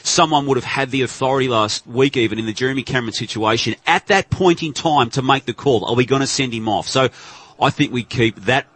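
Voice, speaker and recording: An Australian man on sports radio weighing in with measured, deliberate views. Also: mid-range voice, a bit bright, husky, dry recording. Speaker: radio co-host.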